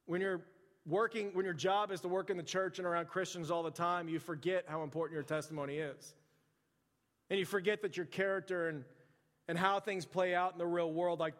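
A man preaching a sermon as a pastor, in a conversational style with chatty asides. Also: fairly high pitch. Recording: long reverb of a large hall.

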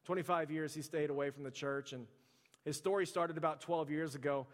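A man preaching to his congregation with a somewhat high voice. He tells stories casually and fills his sentences with "like." His voice rings out with a long reverb from a big hall. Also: fairly even intonation, a little fast. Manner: conversational storytelling, heavy use of "like". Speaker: pastor. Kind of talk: sermon.

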